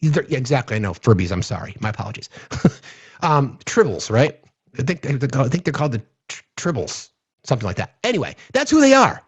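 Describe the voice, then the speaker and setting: A man's voice: mid-range voice, very animated, a little fast, breathy edge, dull audio. A man hosting a political livestream, ranting angrily and profanely, often repeating himself as he thanks viewers. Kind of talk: angry political rant on a livestream.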